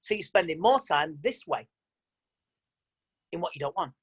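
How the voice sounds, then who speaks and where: A man's voice: on the high side, moderate pace, breathy edge, muffled recording. Chatty man coaching online. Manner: animated, chatty, quotes people in mock voices. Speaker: mind coach. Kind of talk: online seminar talk. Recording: video call audio.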